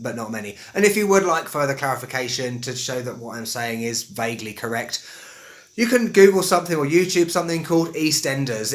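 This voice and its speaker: A young man from England with an Estuary English accent, chatting casually as an English teacher and drawing words out slowly to demonstrate. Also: medium pitch. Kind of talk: casual video lesson.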